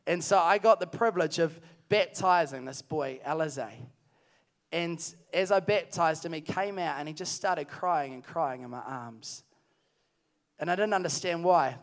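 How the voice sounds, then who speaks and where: A man's voice: on the high side, normal speed. A man preaching at a youth camp, telling a story earnestly and then calling energetically to the crowd. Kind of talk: sermon. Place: large hall at a camp.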